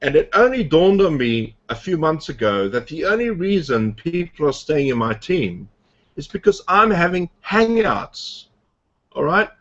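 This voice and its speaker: A man's voice: fairly high pitch, big pitch swings, unhurried, fairly bright tone, highs cut off. A man casually coaching a group about his online business, rambling with lots of fillers and restarts. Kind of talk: casual motivational talk on a group video call.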